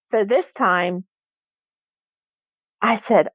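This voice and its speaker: A woman guest on a podcast, recounting a haunting in an animated way and acting out the dialogue she quotes. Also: mid-range voice, slow pace, long pauses, no echo, dull audio. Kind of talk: podcast interview storytelling.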